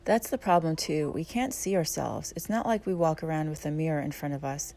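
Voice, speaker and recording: A woman and yoga teacher narrating her own audiobook in a calm, reflective and candid way. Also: low voice, fairly quick.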